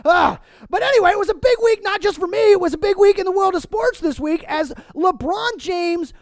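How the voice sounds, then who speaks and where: A man's voice: extremely high pitch, fairly quick, dry recording, studio quality. A man hosting a sports talk podcast, hyping the show and rambling through casual stories, a little out of breath. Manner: energetic hype announcer intro, then rambling chatty storytelling. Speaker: podcast host. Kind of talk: sports talk radio banter. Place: home studio near Lake Washington.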